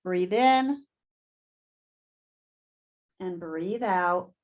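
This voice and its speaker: A woman yoga instructor giving calm step-by-step cues and counting breaths through a guided class. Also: lowish voice, very slow. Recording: echoey room.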